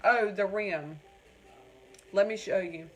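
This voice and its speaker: A woman's voice: medium pitch, slow pace, slight background noise, low-quality recording. Chatty North Carolina woman. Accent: North Carolina Southern. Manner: chatty, rambling, keeps calling viewers "y'all" and reading out their comments. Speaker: crafting livestream host. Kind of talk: casual live-stream chat.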